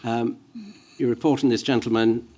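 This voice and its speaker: A man questioning a witness at a formal hearing, measured and careful, reading out references with hesitant fillers. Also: medium pitch, flat delivery, dark tone. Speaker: inquiry counsel. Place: inquiry hearing room.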